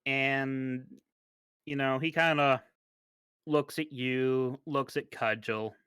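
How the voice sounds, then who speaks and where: A man in the dungeon master's seat, talking at a slow, unhurried pace through the game's scenes. His voice is smooth and clear, and it sits dry and close to the mic. He pauses, hesitates and restarts often while he tells the story. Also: medium pitch, no room sound. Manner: relaxed, hesitant narration with many restarts. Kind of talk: narrating a tabletop game with character voices.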